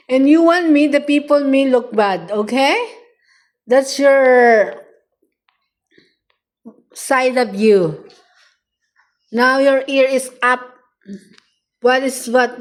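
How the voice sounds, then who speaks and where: A young woman with a Filipino accent talks to her pet in a high, bright-pitched voice. She scolds it slowly and unhurriedly, mock-stern and teasing, with repeated sing-song questions. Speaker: vlogger.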